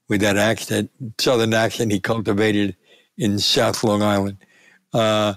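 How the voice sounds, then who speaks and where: Older storyteller, gravelly voice, rises to punchlines, dry close recording. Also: male voice, on the low side, unhurried, no echo. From United States. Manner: animated anecdote telling, voice rising for punchlines. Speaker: veteran sports columnist, guest. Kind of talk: storytelling interview.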